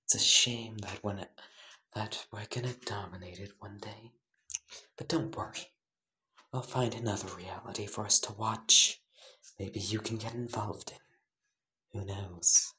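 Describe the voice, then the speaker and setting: A man's voice: lowish voice, fairly even intonation, a little slow, pauses often, bright, forceful tone, a little hiss or hum, rough recording. A man voicing a mischievous, gleefully sinister female otherworldly being in a teasing whisper, as whispered role-play.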